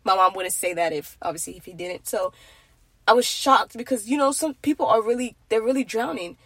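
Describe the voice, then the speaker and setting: A woman's voice: a little high, fairly quick, a bit bright, breathy edge, no room sound. A young woman from Nigeria talking in an earnest, rambling way about faith and marriage. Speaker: faith vlogger. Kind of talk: casual faith monologue.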